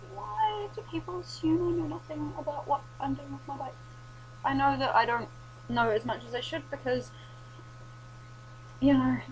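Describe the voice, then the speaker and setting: A young woman rants to camera in a casual vlog, swearing freely and breaking into loud, exasperated outbursts. Her voice sits a little high, with a faint steady hum under the recording. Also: low-quality recording. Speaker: vlogger.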